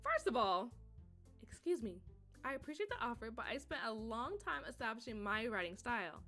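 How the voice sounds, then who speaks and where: A woman voicing a shy, reserved, bookish teen girl, reading game dialogue aloud in a soft, measured, hesitant way. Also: a little high, sing-song, soft background music, pitched below the performer's own voice, exaggerated voice.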